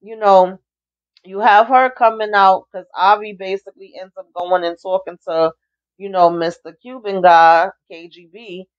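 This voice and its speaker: A woman's voice: mid-range voice, fairly even intonation, moderate pace. A woman giving a casual, chatty TV episode recap, acting out the characters' lines as she retells each scene. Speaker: TV recap reviewer. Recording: dull lo-fi recording.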